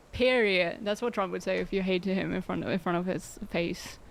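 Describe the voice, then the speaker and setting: A woman's voice: lowish voice, flat delivery, fairly quick, creaky. A young woman streaming a game, chatting casually with her viewers in a sarcastic, giggly way. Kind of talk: casual gameplay livestream chat.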